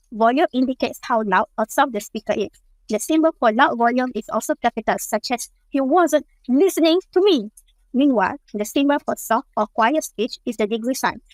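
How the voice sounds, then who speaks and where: A woman's voice: a little high, no echo, low-quality recording. A young woman from Malaysia, a university student, reading her part of a class presentation. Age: young adult. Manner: reads steadily from slides.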